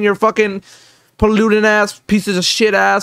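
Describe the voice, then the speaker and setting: A man streaming a reaction video, loud and profane, swinging between shouting and muttering. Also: high-pitched, completely flat delivery, unhurried, vocal fry, smooth, no echo, studio quality. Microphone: desk mic, no headphones.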